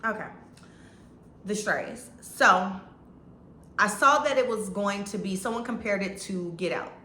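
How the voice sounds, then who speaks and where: A woman's voice: mid-range voice, a little slow, sharp tone, a little hiss or hum. A woman chatting through a movie review in a casual, rambling way, full of restarts and fillers. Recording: echoey room.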